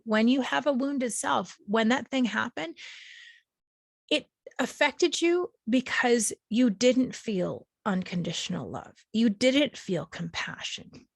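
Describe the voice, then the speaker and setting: A woman podcast host with a fairly high voice speaks softly and openly about her healing, close to tears. Her phrases are gentle and soothing, and some stretch out slowly. The sound is dry and close, with no room around it. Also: dry recording. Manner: gentle, emotional, soothing, with slow drawn-out phrases. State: emotional, near tears. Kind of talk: reflective personal talk on healing.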